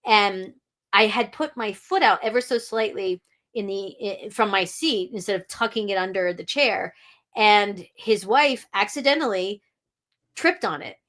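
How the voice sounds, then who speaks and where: A woman's voice: mid-range voice, unhurried, fairly bright tone. A woman guest on a podcast, talking frankly with lots of restarts and blunt swearing. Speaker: podcast guest, audiobook narrator. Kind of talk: candid interview talk.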